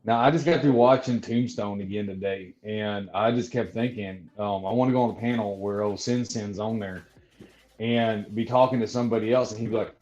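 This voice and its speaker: A man's voice: fairly low pitch, fairly even intonation, a little fast, darkish tone, highs cut off. A man on a livestream panel who tells folksy, jokey stories in casual chat. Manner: laughing, folksy storytelling. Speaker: panel guest.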